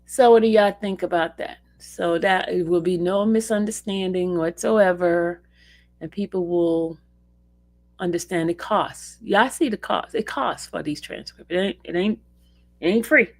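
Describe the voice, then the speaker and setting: A woman's voice: fairly low pitch, a little slow, a little mellow. A woman hosting a casual livestream, talking expressively and fondly to her viewers and her dog. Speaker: livestream host.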